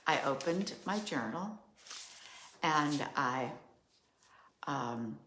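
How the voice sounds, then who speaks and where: An older woman astrologer giving a reflective solo monologue, measured and musing with the odd filler. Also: deep voice, fairly bright tone. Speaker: astrologer host. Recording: roomy echo.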